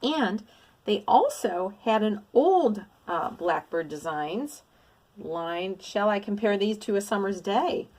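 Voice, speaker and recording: A woman's voice: medium pitch, lively intonation, takes it slowly, a little mellow. A middle-aged woman vlogging a craft haul in a casual, gushing, exclamatory way. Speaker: cross-stitch vlogger. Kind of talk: casual show-and-tell haul.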